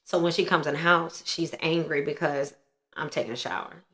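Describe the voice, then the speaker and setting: A woman's voice: deep voice, steady tone, normal speed, fairly bright tone. A woman in her thirties frankly and earnestly telling a painful personal story as the host of her own show.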